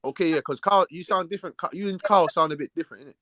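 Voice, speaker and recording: A young man with a London accent, hosting a casual livestream chat, full of slang, sudden loud exclamations and laughter. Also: fairly high pitch, very fast. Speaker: livestream host.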